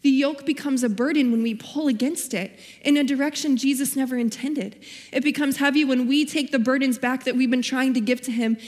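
A woman's voice: high-pitched, steady tone, brisk, darkish tone, in a large hall. A young woman giving a sermon as a guest speaker, telling her own story earnestly and quoting scripture. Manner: earnest, personal storytelling with Bible quotes.

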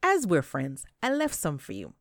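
A woman's voice: moderate pace, no room sound, studio quality. A woman voicing a scheming male rabbit trickster in a told folktale, fussy and exclaiming. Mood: sly. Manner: fussy, exclaiming, high and excited.

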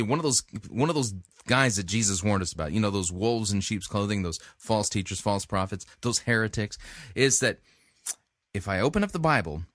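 A man's voice: mid-range voice, sharp tone, dry recording, studio quality. A man hosting a casual commentary, rambling with many restarts and fillers and making self-mocking jokes. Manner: joking, self-mocking asides.

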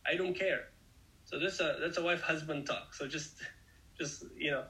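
Guy preaching a bible study, kinda high voice, earnest, explains stuff, talks right to you. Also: steady tone, normal speed, sharp tone, low-quality recording. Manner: earnest, explanatory, addresses listeners directly. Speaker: Bible teacher. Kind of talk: conversational Bible study sermon.

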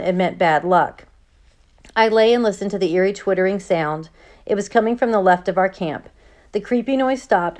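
A woman narrates a storybook chapter in a steady, unhurried way. Her voice sits at an ordinary middle pitch, neither high nor low. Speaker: audiobook narrator.

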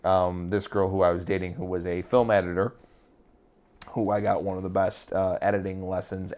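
Low-ish guy rambling through an interview story, tons of uhs and restarts. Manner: rambling, full of fillers and restarts. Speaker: actor and interview guest.

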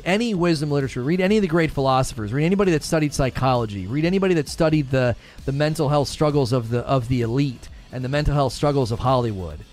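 A man delivering emphatic opinion commentary, repeating and restarting his points and getting more heated as he argues. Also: a little mellow. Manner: grows more heated and rises in pitch as he argues.

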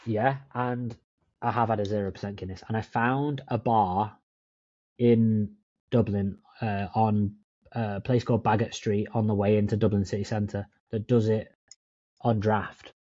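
A laid-back man chats on a podcast with his co-host, swearing now and then and calling him mate. His voice is mellow and dark. The sound is dry and a little dull. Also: fairly low pitch, flat delivery, a little slow, no echo. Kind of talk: casual chat. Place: in Dublin, remote call.

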